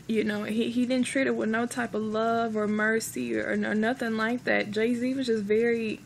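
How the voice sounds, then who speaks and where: A woman's voice: on the high side, little pitch movement, normal speed, vocal fry, a little hiss or hum. A woman vlogger earnestly recounting a dream in a rambling, casual monologue full of fillers and restarts.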